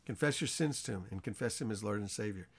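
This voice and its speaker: A man's voice: fast talker, slightly rough. A man teaching an informal Bible study sermon in a conversational way, asking his listeners questions and acting out the characters' lines. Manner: animated storytelling, acts out the characters' lines with rising pitch.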